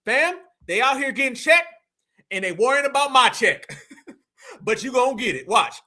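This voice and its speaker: High bright-voiced man, heated commentary. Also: sing-song, moderate pace. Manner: emphatic, preachy, repeats phrases for effect. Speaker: livestream commentator.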